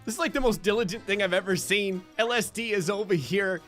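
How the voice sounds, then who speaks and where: A man's voice: sits high, a bit bright. A young man giving sarcastic, profane comedic commentary over gameplay. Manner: sarcastic, profane, mock-cruel humor with quick voiced asides. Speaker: gaming commentator. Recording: faint background music under voice.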